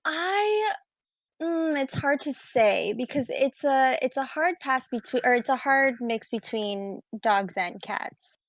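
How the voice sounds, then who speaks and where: A woman guest in a casual podcast chat, talking in a relaxed, rambling way with many fillers. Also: high-pitched, takes it slowly, dry recording. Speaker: guest, dog sitter.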